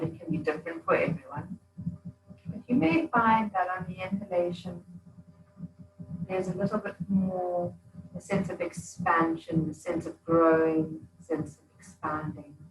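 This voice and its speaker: A woman yoga teacher giving slow, soothing breathing instructions during an evening class. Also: lowish voice, far from the mic. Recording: echoey room.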